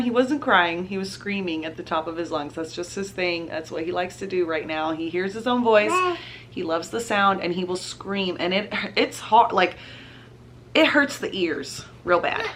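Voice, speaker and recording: A woman's voice: fairly low pitch, a bit bright, slight background noise. A young woman, chatting casually to camera as a mom vlogger and laughing often.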